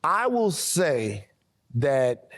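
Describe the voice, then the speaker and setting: A man speaking as a podcast guest, measured and thoughtful, repeating phrases while he works out his point. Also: fairly high pitch, big pitch swings, fairly bright tone. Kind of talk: podcast conversation.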